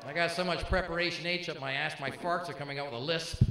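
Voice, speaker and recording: A man's voice: fairly high pitch, fairly even intonation. Stand-up comic man in an echoey club. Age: 50s. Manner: punchy, teasing crowd work with quick jokes. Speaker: stand-up comedian. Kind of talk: stand-up comedy routine. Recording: live club, echoey with crowd noise. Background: audience laughter.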